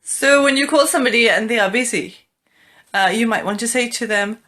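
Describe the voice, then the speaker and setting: Woman english teacher, high bright voice, acts out little example lines. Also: brisk. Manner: acts out example requests and replies in a lively voice. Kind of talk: online English lesson.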